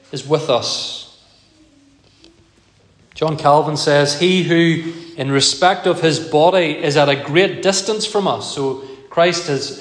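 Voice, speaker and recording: A male pastor preaching a sermon in a measured, emphatic way, repeating key phrases. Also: on the high side. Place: church. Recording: echoey church hall, long reverb.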